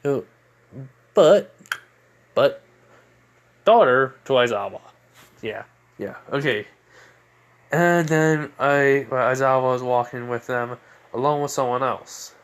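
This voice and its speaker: A man's voice: mid-range voice, takes it slowly, pauses often. Rambling young man telling a fan story. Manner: rambling, full of fillers and restarts. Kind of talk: casual improvised story retelling.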